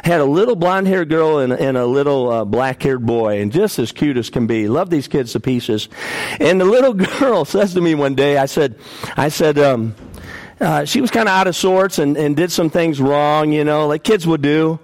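A man's voice: fairly high pitch, expressive, normal speed, a little mellow. A man preaching a sermon, telling personal stories earnestly and often repeating and restarting his words.

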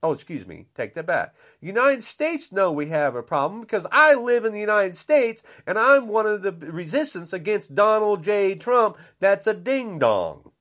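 Angry older man ranting, high-pitched. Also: very animated, moderate pace, few pauses, a bit bright. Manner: indignant, repetitive, blunt. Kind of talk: angry political rant.

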